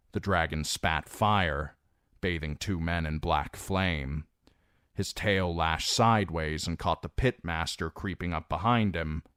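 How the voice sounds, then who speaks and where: A man reading a fantasy novel aloud as an audiobook narrator, in measured, dramatic storytelling. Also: deep voice, clear, resonant tone, no echo, studio quality. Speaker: audiobook reader.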